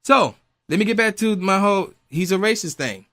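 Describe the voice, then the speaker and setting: Exasperated high-voiced ranting man. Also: expressive, normal speed, sharp tone. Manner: exasperated, incredulous, swears freely. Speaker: commentary vlogger. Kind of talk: ranting commentary.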